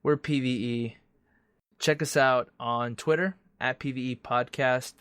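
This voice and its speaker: A man's voice: mid-range voice, fairly even intonation, measured pace, fairly bright tone, clear, resonant tone, dry recording. Young man co-hosting a jokey podcast, dry mic. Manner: loose, joking, swears freely. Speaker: podcast co-host. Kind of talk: casual chat.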